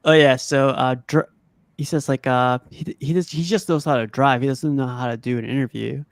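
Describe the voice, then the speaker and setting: Gravelly man recounting scenes haltingly. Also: mid-range voice, steady tone, no room sound. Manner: halting, many fillers, brings notes. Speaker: podcast co-host. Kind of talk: casual movie chat.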